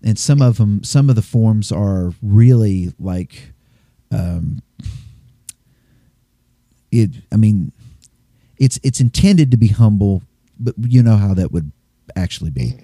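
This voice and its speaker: Man, mellow dark tone, rambling storyteller, dry close mic, casual chat. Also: lowish voice, animated, slow pace, pauses often, no room sound. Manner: rambling storyteller who acts out voices.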